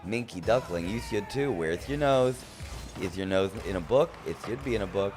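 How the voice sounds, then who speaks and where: A man's voice: lowish voice, expressive, moderate pace, noisy background. A man casually commentating his own gameplay on a live stream, playfully teasing his chat. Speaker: gaming streamer.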